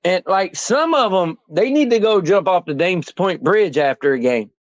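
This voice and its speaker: High-voiced profane man. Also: normal speed, no echo. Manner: profane, animated storytelling, quotes himself. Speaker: podcast co-host. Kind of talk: casual sports chat. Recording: dull, dry lo-fi sound.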